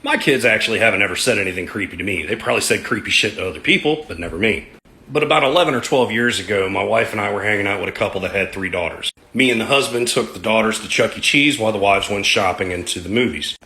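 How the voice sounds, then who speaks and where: A man's voice: on the low side, fast, pushed and bright. A man, a father, telling a story wryly and swearing casually. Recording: roomy echo.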